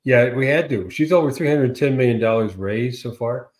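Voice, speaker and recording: A man co-hosting a casual political chat, animated and sarcastic, who often repeats words and acts out quotes. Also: mid-range voice, normal speed. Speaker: co-host.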